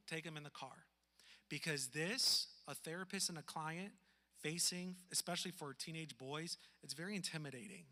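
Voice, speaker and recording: A man who is a foster parent, telling a personal story in an earnest, emphatic way that drops to a hush for sad parts. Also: fairly high pitch, in a large hall.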